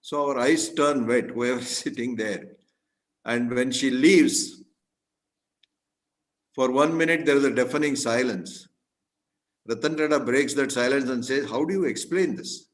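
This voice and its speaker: A man giving a storytelling speech as a guest speaker, earnest, often clearing his throat and restarting his sentences. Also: medium pitch, unhurried, long pauses, rough recording. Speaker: guest speaker at a club meeting.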